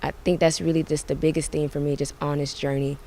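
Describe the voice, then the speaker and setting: A young adult woman and singer, talking softly and reflectively about her path in a casual interview, with many fillers. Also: low-pitched, flat delivery, fast talker, a little hiss or hum.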